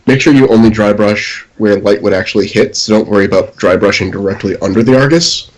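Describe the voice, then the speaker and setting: A man's voice: on the low side, fast talker, low-quality recording. A man on a podcast giving casual, friendly advice on painting miniatures. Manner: relaxed, advisory, self-deprecating humor. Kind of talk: casual chat.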